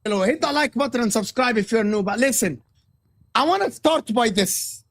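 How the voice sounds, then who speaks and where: A man's voice: extremely high pitch, animated, normal speed, vocal fry, fairly bright tone. A man from Egypt, a guest football pundit, ranting passionately about football on a live stream and repeating his points.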